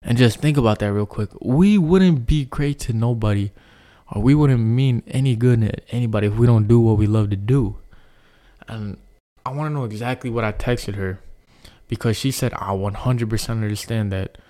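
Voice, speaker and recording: A man's voice: on the low side, fairly even intonation, fairly quick, mellow. A young man hosting his own podcast, talking earnestly and reflectively in a loose, rambling monologue full of fillers. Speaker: podcast host.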